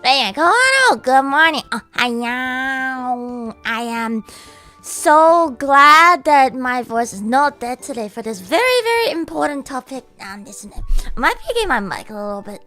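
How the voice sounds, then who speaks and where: A woman streamer talks casually to her viewers in a hoarse, strained voice. She sits high in her range and swoops all over it, giggly and swearing freely, with faint music playing softly behind her. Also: unhurried. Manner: animated, giggly and foul-mouthed.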